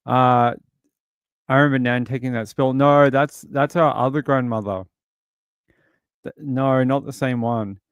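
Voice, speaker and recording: A man's voice: medium pitch, fairly even intonation, measured pace, long pauses, clear, resonant tone, no echo, dull audio. An Australian man hosting a livestream, chatting casually and rambling through stories while answering viewers. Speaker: livestream host.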